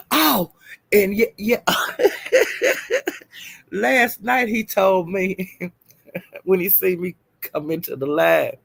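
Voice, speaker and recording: Give me a slow, unhurried man gossiping on a live stream, with a high, fry-edged voice and lots of laughs. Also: fairly bright tone, no room sound. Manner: gossipy, laughing, exclaiming "child" and "honey". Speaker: livestreamer. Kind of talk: casual livestream gossip storytelling.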